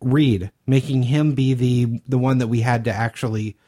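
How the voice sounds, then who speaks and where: A man co-hosting a podcast, calmly breaking down what went well in a game he played. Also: medium pitch. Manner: measured, analytical praise. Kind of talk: casual podcast chat.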